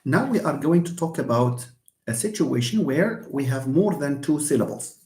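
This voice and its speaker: A man leads a live English lesson, patiently repeating examples and answering students by name. His voice sits a little high. The room around him sounds echoey. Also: animated, moderate pace, darkish tone. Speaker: English teacher.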